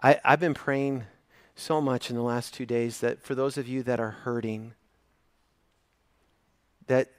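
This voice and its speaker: A male pastor preaching a sermon, earnest, swinging from emphatic to hushed and intimate. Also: medium pitch, steady tone, a little slow, long pauses, clear, resonant tone, no room sound, clean studio sound.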